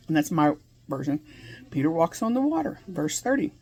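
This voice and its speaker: A woman's voice: lowish voice, expressive, normal speed, creaky, warm tone. A woman giving an earnest, conversational Bible lesson, asking her listeners questions and laughing between points. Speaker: Bible teacher.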